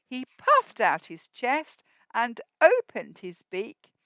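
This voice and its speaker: High, lively storytelling woman. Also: slow pace, dry recording. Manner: expressive, asks the children questions and invites them to join in. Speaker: teacher reading to a school assembly. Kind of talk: storybook read-aloud for young children.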